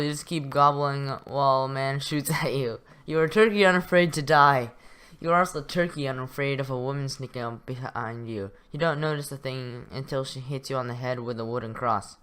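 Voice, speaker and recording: A man's voice: medium pitch, fairly bright tone, smooth. A young man reading a text adventure game aloud, adding casual remarks, chuckling often and stumbling over words. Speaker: gaming YouTuber.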